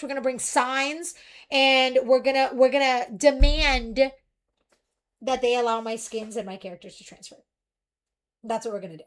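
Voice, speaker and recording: A young woman streamer chatting casually, rambling and ranting in an animated way. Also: high voice, moderate pace.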